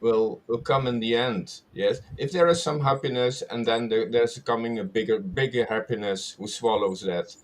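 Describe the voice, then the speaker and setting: A man with a Dutch accent, a native Dutch speaker, halting and searching for words in a casual spiritual talk. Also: mid-range voice, fairly even intonation. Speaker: guest devotee.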